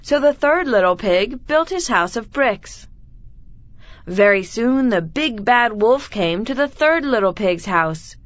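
A woman reading a children's story aloud clearly and deliberately for learners. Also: a little high, animated, dry recording, dull audio. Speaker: reader of children's stories.

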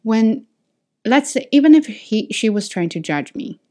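A woman's voice: on the high side, big pitch swings, a little slow, warm tone. A woman teacher, not a native English speaker, talking her students through a reflective lesson with frequent restarts and self-corrections.

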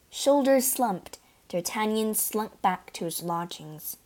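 A woman narrating a children's adventure storybook in a clear, steady reading voice. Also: medium pitch, slow pace, hardly any pauses.

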